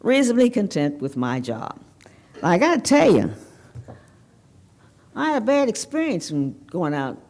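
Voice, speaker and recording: An older woman from Evanston, Illinois, giving a commencement speech, telling a personal story in a candid, animated way. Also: low-pitched. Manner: candid, animated storyteller, talks straight to the audience. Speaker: commencement speaker. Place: banquet hall ceremony.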